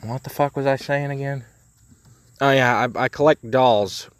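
A man's voice: mid-range voice, fairly even intonation, normal speed, slight background noise. An eighteen-year-old man bantering casually, crude and joking, swearing a lot. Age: 18, young adult. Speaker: vlog co-host.

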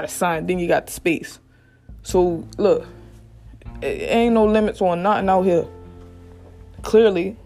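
A podcast host giving blunt, profane motivational straight talk, recorded alone at a quiet workplace late at night. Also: medium pitch. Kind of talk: motivational casual monologue. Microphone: single mic.

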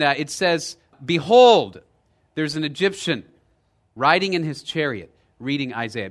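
A man preaching a sermon as pastor, telling a story with lively energy, dropping low and quiet for emphasis and rising loud in the retelling. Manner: lively storytelling, checks in with "right?".

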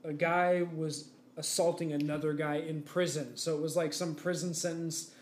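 A man's voice: a little high, normal speed. Chatty man telling a rambling story. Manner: rambling, animated storytelling with fillers. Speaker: podcast co-host. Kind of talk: casual chat. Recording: echoey room with faint background noise.

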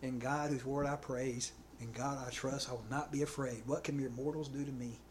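A man's voice: medium pitch, steady tone, fairly quick, slight background noise. A man preaching a sermon in a conversational way, often checking in with his listeners. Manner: conversational, checks in with "okay" and "right".

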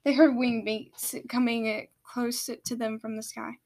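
High-voiced woman reading a story aloud. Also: level tone, measured pace, darkish tone. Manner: stumbles and self-corrects.

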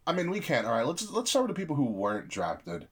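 A man co-hosting a casual podcast about wrestling, talking animatedly and often restarting his sentences when excited. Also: on the high side, fast, a little hiss or hum. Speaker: podcast co-host.

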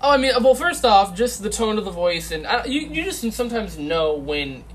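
A young man co-hosting a casual chat, telling a story in an animated way, acting out his own lines and swearing freely. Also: high voice, normal speed, slight background noise. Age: young adult. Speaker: podcast co-host.

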